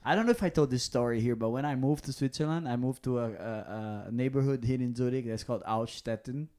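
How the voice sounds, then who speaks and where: A man's voice: medium pitch, fast. A man with a Brazilian accent, a comedian co-hosting a podcast, telling stories in casual chat and acting out the voices of people in them. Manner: animated storyteller, acts out quoted voices.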